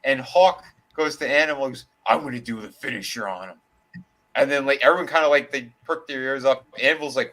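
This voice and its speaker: A man's voice: mid-range voice, a little fast, a bit bright, rough recording. A man co-hosting a casual wrestling podcast, telling a long story in a rambling way, with many fillers and restarts and casual swearing. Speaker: podcast co-host.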